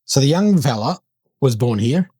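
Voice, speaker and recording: A man's voice: mid-range voice, animated, moderate pace, dark tone, husky. A man with an Australian accent hosting a casual political chat, bluntly posing questions and often saying "mate.". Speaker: podcast host.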